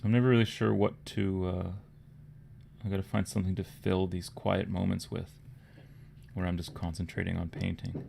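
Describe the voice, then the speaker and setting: A man from Canada with a Toronto accent, hosting a casual livestream, rambling and low-key and often trailing off into quiet murmurs. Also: flat delivery, normal speed, vocal fry, slight background noise. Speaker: livestream host. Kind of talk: casual livestream chat while painting miniatures.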